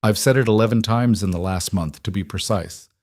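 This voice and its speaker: A man doing a shrewd old royal advisor in a spoken fantasy story. He talks quietly and evenly, in a low register. Close, dry recording with no room sound. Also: a little fast, no room sound, lightly acted. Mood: dry, patient. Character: shrewd older male royal counsel, dry and patient.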